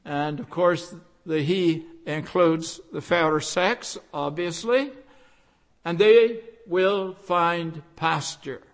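Slow, high-voiced emphatic preacher man. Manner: emphatic, repeats key phrases with rising force. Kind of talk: sermon.

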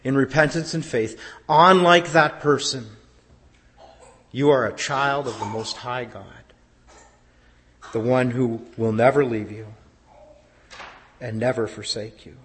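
A pastor preaching a sermon, swinging from loud declarations down to hushed, almost whispered lines. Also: male voice, mid-range voice, takes it slowly, pauses often, big-room sound, a little hiss or hum.

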